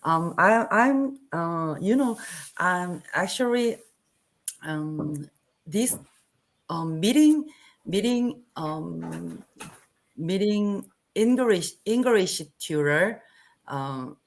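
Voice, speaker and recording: A woman's voice: fairly low pitch, lively intonation, very slow. A woman learning English on a video call, hesitant and searching for words with many fillers. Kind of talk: online tutoring conversation.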